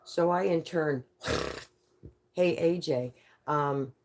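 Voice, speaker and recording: A woman from Canada telling a rambling, profane story live to an audience, full of quick asides. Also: deep voice, darkish tone.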